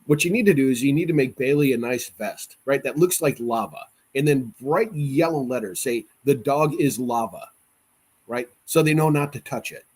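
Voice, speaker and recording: A man's voice: mid-range voice, moderate pace, darkish tone, husky. A man hosting a casual podcast chat, opinionated and joking, often restarting his sentences.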